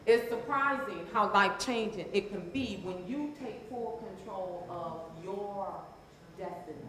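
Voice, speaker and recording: Slow, emphatic woman coach, echoey hall. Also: medium pitch, background noise. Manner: call-and-response, repeating phrases for emphasis. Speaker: transformational coach. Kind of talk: motivational seminar talk to a live audience. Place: room with a live audience.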